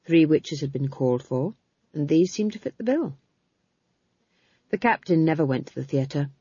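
A woman narrating an audiobook in an expressive storytelling manner. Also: sits low, moderate pace, slightly rough, no room sound. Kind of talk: scripted narration. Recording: dull dry close recording.

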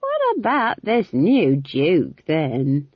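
A woman's voice: low voice, huge pitch swings, extremely slow, slightly rough, no room sound, exaggerated voice. A woman voicing an earthy older witch who talks in a homely, colloquial, innocent-sounding way. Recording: dull lo-fi dry recording.

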